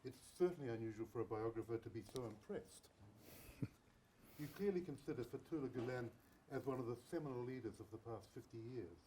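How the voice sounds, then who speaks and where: Male moderator, warm dark tone, halting delivery, faint background noise. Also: mid-range voice, poor audio. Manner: halting, many fillers and repeated words. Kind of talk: hosting a public conversation.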